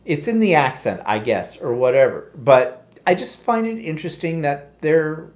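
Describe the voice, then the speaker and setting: A man's voice: on the high side, big pitch swings, moderate pace. A middle-aged man with an Ontario Canadian accent, co-hosting a casual live chat in a wry, self-deprecating way. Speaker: co-host.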